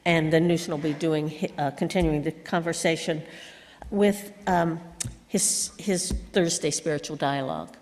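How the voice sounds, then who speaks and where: Female announcer, low-ish voice, long reverb of a church hall. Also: fairly even intonation, normal speed, a little mellow. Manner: plain, with frequent uh fillers.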